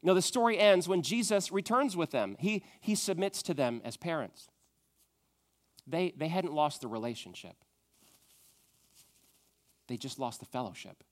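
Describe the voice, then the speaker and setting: A man preaching a sermon, moving from loud emphatic questions to a soft, hushed tone. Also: fairly high pitch, animated, measured pace, long pauses. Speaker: pastor.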